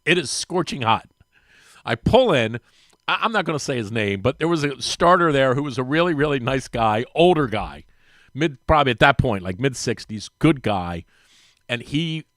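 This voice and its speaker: Animated man telling a story on the radio. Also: no room sound, studio quality. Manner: lively storyteller, acts out quoted voices with big pitch jumps. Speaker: regular radio guest. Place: radio studio. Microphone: studio microphone.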